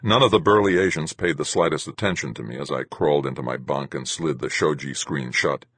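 A man narrates a first-person novel in a measured, steady way. His voice sits very low and has a husky edge. The recording is dry and close, with no room sound. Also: no room sound. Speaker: audiobook narrator.

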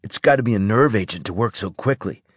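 A man's voice: on the low side, expressive, fast, slightly rough, no echo, studio quality. A man voicing a wary, sardonic male squad specialist in an audiobook.

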